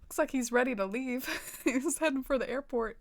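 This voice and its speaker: A woman from the American South with a light, easy twang, chatting with her viewers while she plays a game. Her voice sits a little high, and her talk is loose and giggly, full of "like" and small laughs. It sounds close to a desk microphone. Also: normal speed, vocal fry. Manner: chatty, giggly, filler-heavy with frequent "like". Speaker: game streamer. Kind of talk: casual stream chat, reading viewer comments.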